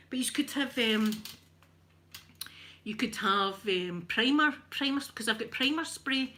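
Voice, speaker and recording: A woman's voice: fairly high pitch, unhurried, bright, forceful tone. Scottish lady chatting on her live stream, laughs at herself a lot, bit of faint hiss behind. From Scotland. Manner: chatty, self-mocking, laughs often. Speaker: livestream host. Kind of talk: casual live-stream chat.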